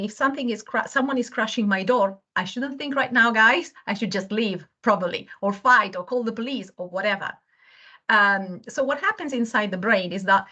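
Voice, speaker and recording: A woman's voice: medium pitch, pushed and bright. Earnest woman explaining over a call. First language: not English. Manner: earnest, explains with home examples, searches for words. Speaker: webinar guest speaker. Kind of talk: explanatory talk. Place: home. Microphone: video call.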